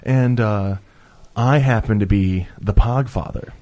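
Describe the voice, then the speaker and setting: A man's voice: lowish voice, a little slow, darkish tone. A man hosting a casual comedy podcast, joking and swearing as he teases his guests. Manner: profane, joking, teasing. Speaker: podcast host.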